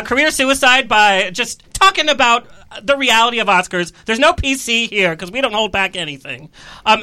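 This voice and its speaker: A man's voice: very high-pitched, sharp tone, clear, resonant tone, low-quality recording. A man hosting a chatty radio talk show in a studio, flamboyant and theatrical, with sassy quips. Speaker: podcast host. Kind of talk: campy chat show hosting.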